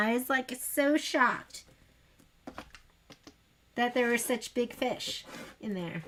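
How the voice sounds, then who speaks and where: A woman's voice: a little high, lively intonation, slow, long pauses, a bit bright. A woman hosting a sewing livestream, chatting casually and rambling while she demonstrates. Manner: chatty, rambling, self-deprecating. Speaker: sewing shop livestream host.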